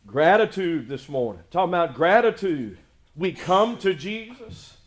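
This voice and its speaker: A male pastor preaching a sermon, building to loud emphatic praise and slipping into folksy, joking stories. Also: high voice, animated, measured pace.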